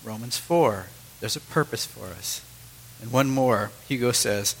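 A man's voice: mid-range voice, unhurried, vocal fry, husky, poor audio. A middle-aged man preaching a sermon as pastor, teaching in a conversational way with asides to the congregation.

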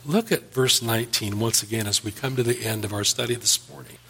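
A man's voice: mid-range voice, brisk, gravelly, bright, forceful tone, slightly rough. A male pastor preaching a Bible-study sermon and leading an earnest closing prayer.

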